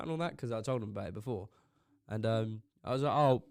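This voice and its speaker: A man's voice: medium pitch, very fast, vocal fry, no echo. Rambling young man, dry mic. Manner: rambling anecdotes, swearing, acting out others' lines. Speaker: podcast co-host. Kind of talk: casual chat.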